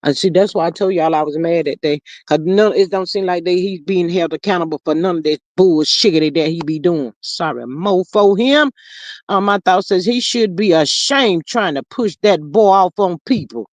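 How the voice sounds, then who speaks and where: Sassy livestream gossip host, mid pitch, dry close mic. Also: normal speed, no echo. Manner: sassy, animated, often says "child". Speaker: livestream host reading chat.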